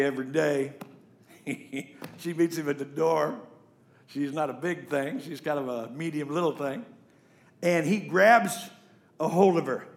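A man preaching a sermon to a congregation, animated and emphatic. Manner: animated, emphatic preaching with big pitch swings. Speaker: pastor. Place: church stage before a congregation.

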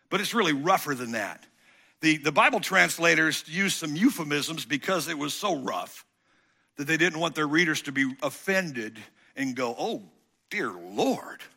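A man preaching a sermon as pastor, swinging between loud emphatic passages and quiet intense ones. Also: a little high. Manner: acts out quoted voices of listeners.

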